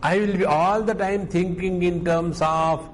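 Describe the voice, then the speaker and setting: Slow-talking Indian man giving a discourse. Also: high voice, fairly even intonation, slight background noise, rough recording. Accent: Indian English. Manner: slow, unhurried teaching with anecdotes and Sanskrit verses. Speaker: spiritual teacher. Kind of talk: scripture discourse.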